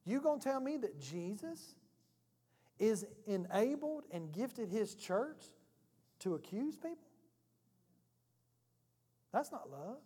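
A male pastor delivers a lively, joking sermon, talking to the congregation like a friend. His voice is high for a man. A long reverb from the church hall trails behind him. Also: slow pace, long pauses, slightly rough. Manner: animated, humorous, conversational preaching.

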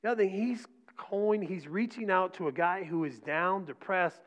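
A middle-aged man preaching a sermon in a conversational way, often asking "right?" and dropping his voice to a soft hush for emphasis. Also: high voice, normal speed. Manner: conversational preaching with frequent "right?" and repeated words; drops to soft near-whispers for emphasis. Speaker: pastor. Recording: dull lo-fi recording.

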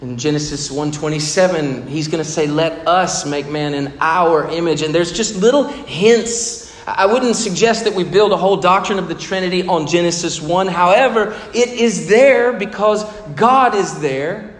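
A man with a high voice preaches a sermon in a large hall, and the long reverb trails after his words. He swings between raised emphasis and hushed, drawn-out low passages. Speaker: pastor.

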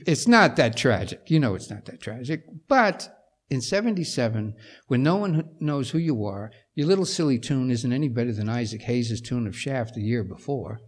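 An older man, a composer-conductor, telling anecdotes to a luncheon audience and acting out the voices of people in his stories. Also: medium pitch. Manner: animated storyteller who acts out quoted voices.

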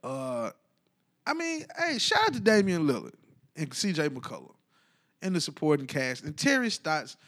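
A man giving casual, animated sports commentary, rambling and colloquial. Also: on the high side, moderate pace. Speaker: basketball commentator.

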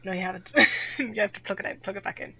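A woman's voice: medium pitch, fast, gravelly, bright, forceful tone, slightly rough. A young woman with an Irish accent chatting casually as a guest, laughing often and poking fun at herself. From Ireland. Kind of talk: casual chat. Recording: dull lo-fi dry audio.

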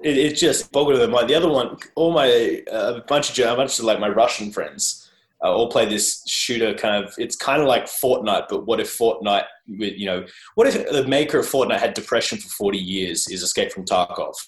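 A man's voice: lowish voice, brisk. A man with an Australian accent, a guest in a casual interview, joking about himself and rambling with restarts. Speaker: guest, journalist. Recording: roomy echo.

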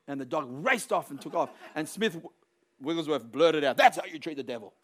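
A man preaching a sermon, emphatic and building to forceful peaks, acting out quoted voices along the way. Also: on the high side, lively intonation, quick pace.

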